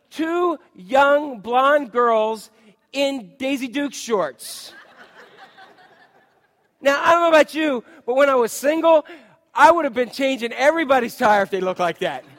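Man, pastor, high voice, animated storytelling sermon, middle-aged.

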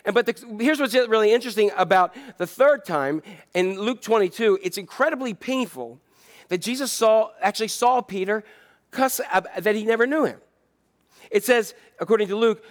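A man's voice: high-pitched, normal speed. A man preaching a sermon in a conversational, humorous way, asking many rhetorical questions.

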